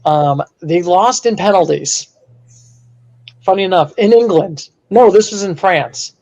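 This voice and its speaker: A man co-hosting a casual sports podcast, animated and prone to bursts of mock outrage. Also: high-pitched, measured pace, muffled recording. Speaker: podcast co-host.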